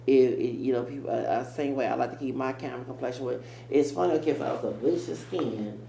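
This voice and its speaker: Gravelly-voiced man ranting on camera. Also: mid-range voice, fast talker, warm tone. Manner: rambling, emphatic. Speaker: commentator. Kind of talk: reaction commentary. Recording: echoey room with faint hum.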